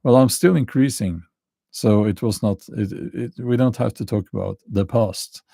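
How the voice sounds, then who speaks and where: A middle-aged man with a Norwegian accent, hosting a casual livestream and answering chat questions in a halting way, full of fillers and restarts. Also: lowish voice, creaky, warm tone, no room sound. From Norway. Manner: halting, many fillers and restarts, chuckles dryly.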